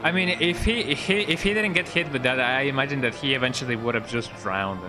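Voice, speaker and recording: A man streaming a video game, giving relaxed, rambling commentary with joking asides. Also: mid-range voice, brisk. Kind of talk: casual gameplay commentary. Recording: game capture with loud music. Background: game music and sounds.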